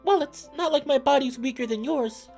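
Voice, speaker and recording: A shrill, touchy little fluffy guy. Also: normal speed, darkish tone, faint music behind. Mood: indignant. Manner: shrill, indignant outbursts. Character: small fluffy male tavern guest, touchy and boastful.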